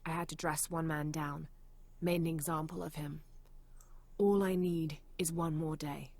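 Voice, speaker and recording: An actress voicing a female adventurer in a video game, reading old journal entries aloud in a measured, serious way. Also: low voice, fairly even intonation, a little mellow, dry recording. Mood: grim.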